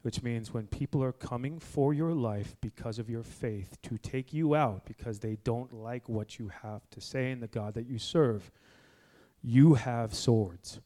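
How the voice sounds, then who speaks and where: A man in his forties preaching a blunt, fiery sermon to a men's group indoors, moving between low, quiet stretches and loud exhortation. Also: a little slow. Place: indoor room with a gathered group.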